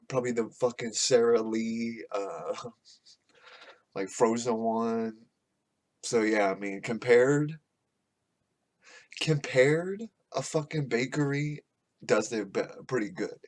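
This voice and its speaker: A man talking loosely into a podcast mic, cursing freely and drifting from one thought to the next. His pitch sits right in the middle, and he laughs at his own stories as he goes. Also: a little slow. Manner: profane, rambling, laughs often. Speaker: podcast host. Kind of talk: casual rambling monologue. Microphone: podcast microphone.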